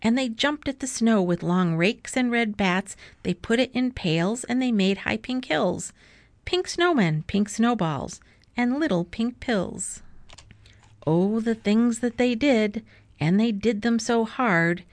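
A woman reading a children's storybook aloud as narrator in a measured way. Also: on the high side, lively intonation, no echo.

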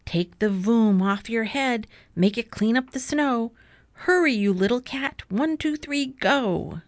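A woman voicing a big, boastful male cat in a hat, reading from a storybook in a slow, showy, bossy way. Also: a little high, animated, dry recording, clean studio sound. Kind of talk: storybook read-aloud.

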